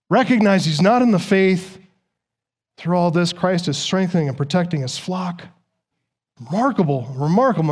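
Preaching to his congregation, this pastor has a voice that sits high for a man, with a darkish tone. He presses hard on key words and repeats them for stress.

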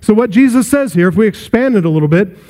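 A man preaching an expository sermon, emphatic and slowing down to stress key phrases. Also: high voice, expressive, warm tone, big-room sound.

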